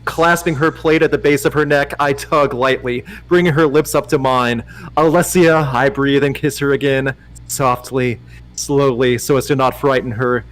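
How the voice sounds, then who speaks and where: A man as guest reader on a livestream, giving a mock-dramatic, teasing reading and loudly urging the host on. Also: mid-range voice, steady tone, normal speed, poor audio. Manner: teasing, theatrical, swings to loud urging.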